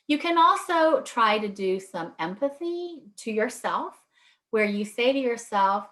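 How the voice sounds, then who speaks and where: A woman's voice: sing-song, measured pace, a bit bright. Woman giving advice, tagging on "right?". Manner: conversational, often adds "right?" to check in; acts out short quoted lines with lifts in pitch. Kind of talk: presentation to a group.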